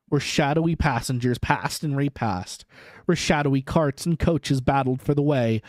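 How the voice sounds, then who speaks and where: A man's voice: mid-range voice, a little mellow, no echo. A man streaming a live storybook reading, narrating expressively into a close microphone.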